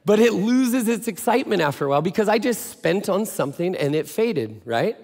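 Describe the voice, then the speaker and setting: A man's voice: high voice, sing-song, fairly quick, a little mellow. A male pastor giving a sermon in a casual, joking storytelling way. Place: church. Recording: echoey church hall.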